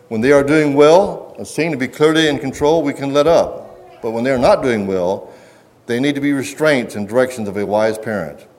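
A man's voice: mid-range voice, darkish tone. Middle-aged guy preaching to parents, earnest, keeps restarting his sentences, reads bits out of a book. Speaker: pastor. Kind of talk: sermon.

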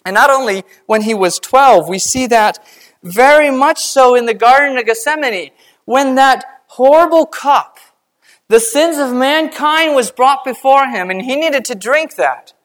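A woman preaching a sermon, earnest and measured, slowing down and dropping quiet to stress a point. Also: sits high, expressive.

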